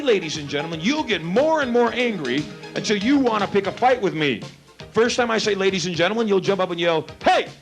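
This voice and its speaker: A man's voice: high voice, gravelly. A man working as a stage hypnotist, giving playful commands to volunteers in front of a live theater audience. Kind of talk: live stage show patter.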